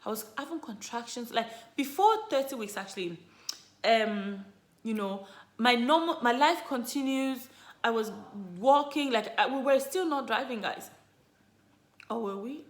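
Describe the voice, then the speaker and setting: Woman vlogging, animated storytelling, lots of you know, kinda echoey room. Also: a little high, unhurried. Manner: chatty, leans on "you know" and "like"; animated, lively retelling. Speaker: vlogger, mother sharing her birth story. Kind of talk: casual storytelling to viewers. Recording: roomy echo.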